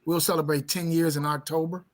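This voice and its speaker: A man's voice: a little high, little pitch movement, brisk. A man in his fifties, a pastor, talking earnestly and emphatically in a casual interview.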